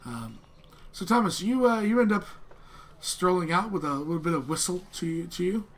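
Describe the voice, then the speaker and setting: A man with a high, animated voice runs a tabletop game as game master. His narration is halting, packed with fillers and restarts.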